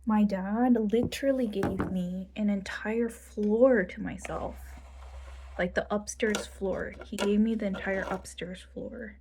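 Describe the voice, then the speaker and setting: A woman's voice: medium pitch, fairly even intonation, measured pace, mellow, slightly rough. A young woman telling a rambling casual story, full of fillers and dropping into whispered asides while she does her makeup. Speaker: vlogger.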